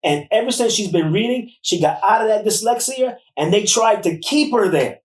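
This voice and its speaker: A woman's voice: medium pitch, expressive, moderate pace. Earnest middle-aged woman, distant and roomy. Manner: earnest, preachy, repeats words. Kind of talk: casual discussion.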